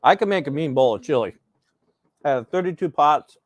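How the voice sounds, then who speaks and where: A man casually chatting while hosting a live breakfast cooking stream, rambling and relaxed with plenty of fillers. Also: on the high side, a little fast, no room sound. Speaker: host.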